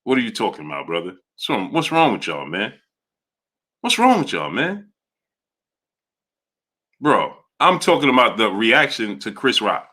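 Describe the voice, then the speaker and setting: Hosting a live sports stream, a man reads out viewers' super chats and answers them animatedly, laughing often. His voice is fairly low and brisk, with hardly any pauses.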